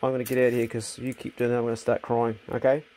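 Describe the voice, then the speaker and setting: A middle-aged man with a New Zealand accent talking in a casual family vlog on his rural land, blunt and easygoing, calling loudly to his dogs. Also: mid-range voice, level tone, rapid-fire, a little hiss or hum. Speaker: vlogger. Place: outdoors on a rural property.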